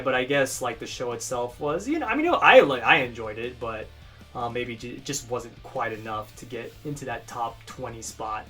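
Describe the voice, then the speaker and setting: A young man in casual, rambling fan commentary, gushing with frequent animated outbursts. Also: mid-range voice. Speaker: fan channel co-host.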